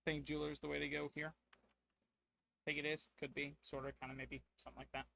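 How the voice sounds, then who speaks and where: A man's voice: on the high side, level tone, fairly quick, vocal fry, pushed and bright. A man streaming a solo tabletop game, narrating casually and thinking aloud to his chat.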